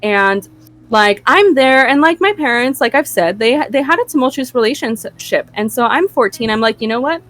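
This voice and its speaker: A woman's voice: fairly high pitch, lively intonation, moderate pace, a bit bright. A young woman hosting a podcast, telling a story in casual chat with profane, laughing asides. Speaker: podcast host.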